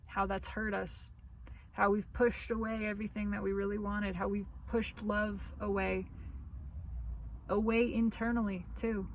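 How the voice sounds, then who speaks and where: A woman's voice: medium pitch, rough recording. A woman reading tarot cards for her viewers, drawing out each phrase and circling back to the same words to reassure them. Her voice sounds worn, as if she is losing it. A faint hiss of noise sits under the recording. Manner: slow, repetitive, reassuring phrasing. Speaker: tarot reader. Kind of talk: spiritual tarot reading monologue.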